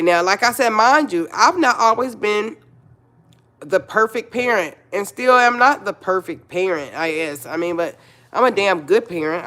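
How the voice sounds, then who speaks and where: A woman's voice: lowish voice, a bit bright. Blunt, chatty woman live-streaming. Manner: chatty, blunt, repeats herself, talks to viewers. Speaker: livestream host. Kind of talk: casual live-stream chat.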